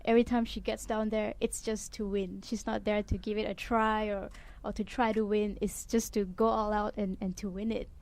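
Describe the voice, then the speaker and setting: A woman's voice: mid-range voice, level tone, moderate pace, few pauses, darkish tone. A woman co-hosting a radio interview, talking in an earnest, reflective way in a studio. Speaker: radio co-host.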